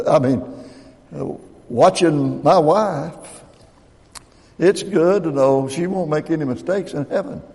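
A man's voice: fairly high pitch, slow, pauses often, a little mellow. A man in his eighties preaching a sermon as pastor, folksy and joking with the congregation between points. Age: 80s. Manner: folksy, joking asides with laughter. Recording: long hall reverb.

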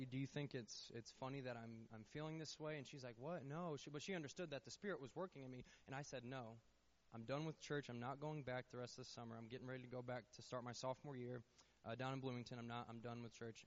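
A man's voice: mid-range voice, muffled recording. A young man gives a personal testimony to a church congregation, telling his story earnestly and often restarting and repeating words. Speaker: church member giving testimony. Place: church sanctuary.

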